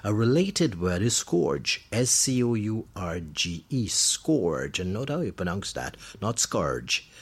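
A man's voice: on the low side, sing-song, breathy edge. A man hosting a vocabulary program, explaining a word, spelling it out letter by letter and stressing how it is pronounced. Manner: measured, deliberate explaining. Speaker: radio vocabulary program host. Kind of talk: scripted word-of-the-day lesson.

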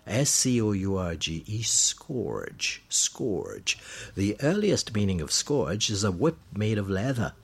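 A man's voice: lowish voice, sing-song, a little mellow, slightly rough. A man hosting a vocabulary program, explaining a word, spelling it out letter by letter and stressing how it is pronounced. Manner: measured, deliberate explaining. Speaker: radio vocabulary program host. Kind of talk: scripted word-of-the-day lesson.

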